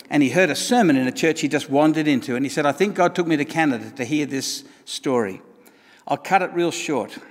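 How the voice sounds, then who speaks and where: A man's voice: on the high side, big-room sound. A man preaching a sermon in a conversational way, with wry asides and emphatic points.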